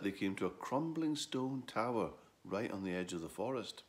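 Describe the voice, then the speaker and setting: A man with a low voice reads a children's story aloud. His delivery swoops up and down expressively, keeping the tale lively. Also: a little fast, few pauses.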